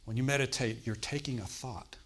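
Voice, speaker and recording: Male preacher, mid-pitched voice, sermon testimony, conversational delivery. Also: fairly quick. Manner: conversational preaching, frequent "Okay?" check-ins.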